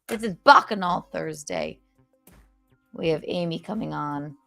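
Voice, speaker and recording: Low, gravelly woman host chatting. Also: moderate pace, a bit bright, soft background music. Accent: New York. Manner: teasing, pushy, rambling with fillers. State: a bit under the weather. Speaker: podcast host. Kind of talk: casual chat on a livestream.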